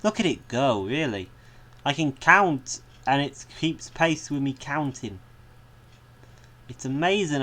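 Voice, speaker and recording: A man's voice: fairly high pitch, animated, slow pace, fairly bright tone. Rambling, chatty male game commentator. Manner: chatty and rambling, amused by his own tangents. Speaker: gaming video creator. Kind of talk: casual let's-play commentary.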